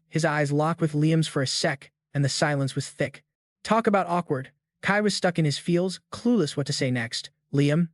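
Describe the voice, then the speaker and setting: A man's voice: a little high, no room sound, clean studio sound. Slangy male recap narrator. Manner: casual, slang-heavy.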